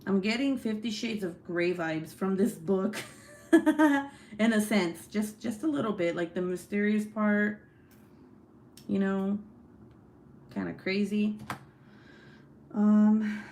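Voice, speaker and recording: A woman's voice: lowish voice, creaky, a little hiss or hum. A young woman hosting a casual book club live stream, chatty and often laughing as she reads viewer comments aloud.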